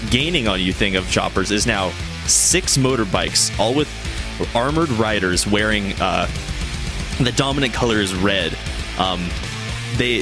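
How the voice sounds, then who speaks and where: A man narrating a tabletop game as game master, often restarting his sentences as he describes the action. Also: lowish voice.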